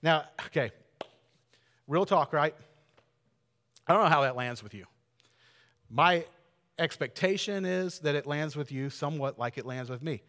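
A man's voice: on the high side, expressive, a little slow, long pauses, fairly bright tone, long reverb tail. Earnest, conversational male preacher. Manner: conversational, earnest, drops to near-whispers for emphasis. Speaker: pastor. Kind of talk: sermon.

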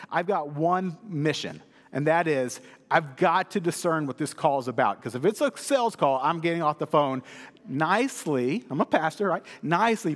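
A male pastor giving a sermon in a church, telling stories with lively humor. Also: sits high. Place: church sanctuary. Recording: long hall reverb.

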